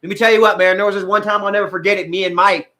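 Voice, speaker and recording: Emotional male streamer, high bright voice, rambling and profane, on the edge of tears. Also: fairly even intonation, rapid-fire. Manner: rambling, frequent fillers, heavy swearing. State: tearful at times. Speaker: vlogger talking to live viewers. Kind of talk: emotional casual livestream talk.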